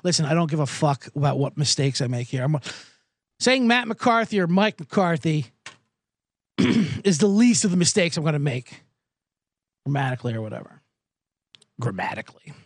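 A lone podcaster in a small booth talks sports betting casually on air, wandering off track, cursing, and mocking himself. His fairly high voice is animated and at a normal speed. The studio microphone gives a dry recording.

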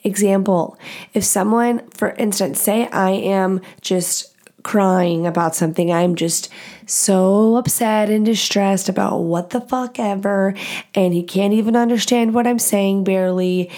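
A woman hosting her own podcast, giving blunt, profane relationship advice in a fast, animated, casual way. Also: medium pitch. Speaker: podcast host. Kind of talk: casual solo podcast talk.

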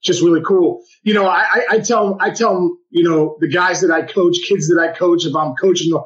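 Excited guy cohosting, really high voice, keeps tripping over his words, muffled low-quality feed. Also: normal speed. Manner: enthusiastic, stumbling restarts. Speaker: podcast co-host and baseball coach. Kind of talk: casual podcast chat.

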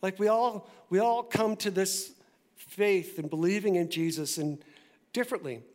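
A male pastor preaches to his church in a loose, conversational way, tossing in quick asides as he goes. His voice sits high for a man. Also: darkish tone. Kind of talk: sermon.

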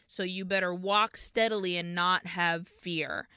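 A woman's voice: fairly low pitch, fairly even intonation, unhurried, pushed and bright, smooth, no echo, studio quality. A woman co-hosting a podcast, retelling a film's scenes in detail in casual chat. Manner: retells scenes in detail, laughs when emotional. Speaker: podcast co-host. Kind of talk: casual film recap chat.

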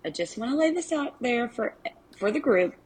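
A woman's voice: a little high, very animated, moderate pace, darkish tone, slightly rough, poor audio. A woman with a strong Arkansas accent, a listener sending a chatty, folksy, self-teasing recorded message to a podcast.

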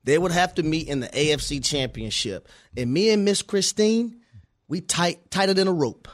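A man with a slightly high voice co-hosts sports talk radio. He argues his points emphatically, often opening with "listen.". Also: animated, moderate pace. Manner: emphatic, opinionated, starts with "listen". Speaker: radio co-host, former player.

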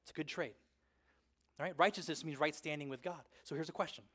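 Male pastor with a high voice, chatty sermon delivery, keeps tagging lines with "right?", dips to a near-whisper for emphasis. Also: fast, slightly rough. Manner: conversational preaching, frequent "right?" asides, dramatic swings from loud to hushed.

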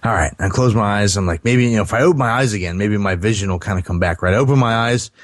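A man's voice: on the low side, quick pace, no echo, studio quality. A man telling a long personal story on a podcast, rambling with many fillers and restarts. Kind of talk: casual storytelling.

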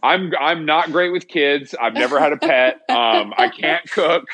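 A man hosting a podcast in casual chat, joking and swearing, often halting with fillers and repeats. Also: fairly high pitch, a crowd in the background. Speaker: podcast host.

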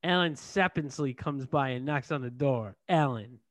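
A man's voice: mid-range voice, moderate pace, no echo. A man co-hosting a comedy podcast, rambling and crude as he reads out a script. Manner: rambling, crude, self-mocking. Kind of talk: casual comedy chat.

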